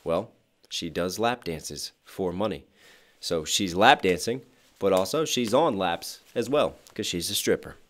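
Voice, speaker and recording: A hoarse man, a rapper, reacting to a song and animatedly explaining its wordplay line by line. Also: low voice, lively intonation, measured pace. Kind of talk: music reaction commentary.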